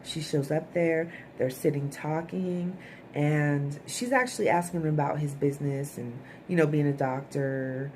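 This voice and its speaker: A woman's voice: deep voice, measured pace, a little mellow, a little hiss or hum. A woman giving a chatty, opinionated recap of a TV episode, blunt and swearing casually. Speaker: TV episode reviewer.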